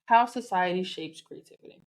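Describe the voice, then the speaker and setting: A Southern woman with a Southern accent hosts a casual solo podcast, talking candidly and chattily while cussing and laughing freely. Her voice is fairly low and fairly quick.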